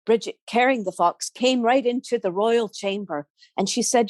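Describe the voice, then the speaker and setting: Animated woman telling a folk tale. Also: fairly high pitch, normal speed, hardly any pauses, dry recording. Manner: animated, playful, chatty asides. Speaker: storyteller. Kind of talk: oral storytelling.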